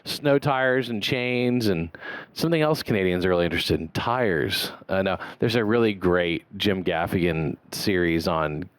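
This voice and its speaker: A man with a low voice hosts a podcast, chatting in a jokey, rambling way full of restarts and fillers. The recording is dry, with almost no room sound. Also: animated, moderate pace, no room sound. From Texas. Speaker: podcast host. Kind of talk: casual podcast banter.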